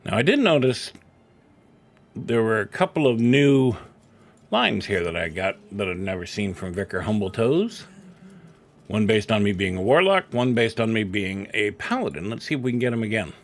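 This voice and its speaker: A man's voice: very animated, normal speed. Middle-aged guy streaming games, chatty, jokes at his own expense, voice bouncing up and down a lot, desk mic at home. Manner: chatty and self-deprecating, jumping up and down in pitch. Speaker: game streamer. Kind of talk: casual live-stream commentary.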